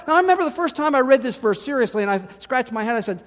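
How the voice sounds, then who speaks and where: A man preaching a sermon, dramatic, rising to loud emphatic lines when he quotes scripture. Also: extremely high pitch, animated, racing, hardly any pauses. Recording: long hall reverb.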